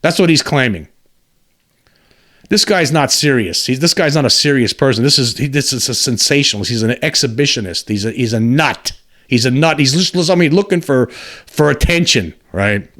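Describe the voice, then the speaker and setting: A man's voice: medium pitch, expressive, normal speed, a bit bright. A man reading a news article aloud and breaking in with scoffing, incredulous asides. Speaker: commentary host.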